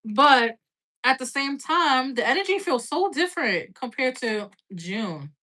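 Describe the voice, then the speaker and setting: Chatty higher-voiced woman reading tarot. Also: big pitch swings, unhurried, sharp tone. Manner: chatty and loose, many "like" and "right?" fillers, swears casually. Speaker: tarot reader. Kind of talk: casual live-stream tarot reading.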